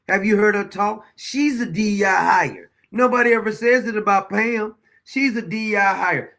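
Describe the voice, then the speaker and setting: A man with a notably high speaking voice delivers heated, profane political commentary as host of his own show. He is blunt and combative, cutting into clips to argue with them. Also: a bit bright.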